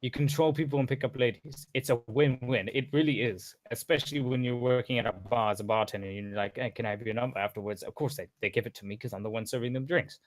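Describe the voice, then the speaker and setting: A man's voice: medium pitch, quick pace, few pauses, no echo. A man casually coaching a voice-training session over voice chat, rambling with frequent restarts and asides.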